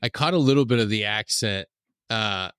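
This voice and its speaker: A man hosting a podcast in a relaxed, enthusiastic way, full of "like" and "dude" and warm laughter. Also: lowish voice, normal speed, clear, resonant tone, no room sound, clean studio sound. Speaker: podcast host. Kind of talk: casual interview chat.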